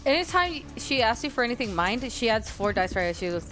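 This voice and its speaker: A woman's voice: on the high side, sing-song, brisk, music in the background, poor audio. A woman playing a tabletop game, teasing the others and laughing. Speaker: player. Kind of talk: tabletop role-play chat.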